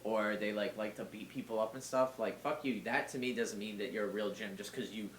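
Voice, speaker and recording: A man's voice: on the low side, steady tone, fairly quick, a bit bright, a little hiss or hum. A man, a Muay Thai fighter and trainer, chatting casually as a podcast guest, rambling along with lots of fillers and some swearing. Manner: rambling, filler-heavy and profane. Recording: roomy echo.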